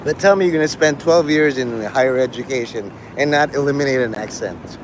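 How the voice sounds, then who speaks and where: A man's voice: medium pitch, brisk. Rambling profane man on a noisy street. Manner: rambling, profane, jumps between topics. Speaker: livestream host. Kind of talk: rambling live-stream monologue. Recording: live stream with loud street noise.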